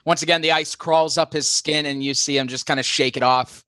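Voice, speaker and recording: A male game master narrates a tabletop game in a casual, brisk way. His voice is bright and a bit high, and he calls turns quickly. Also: steady tone, smooth.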